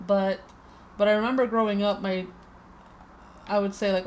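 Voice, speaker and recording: Chatty streamer, slight Spanish accent. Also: female voice, mid-range voice, level tone, moderate pace, long pauses, slight background noise. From Peru. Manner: over-enunciates consonants; chatty, rambling, many restarts. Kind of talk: casual game-stream chat. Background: faint game music.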